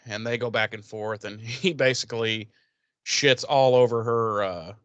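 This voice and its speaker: A man's voice: mid-range voice, fairly even intonation, unhurried, a bit bright, clean tone, dry recording, lo-fi sound. A man casually recapping a TV episode on a podcast, swearing a lot and rambling with loose quoted voices. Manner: profane, rambling storytelling with mocking quoted voices. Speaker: podcast co-host.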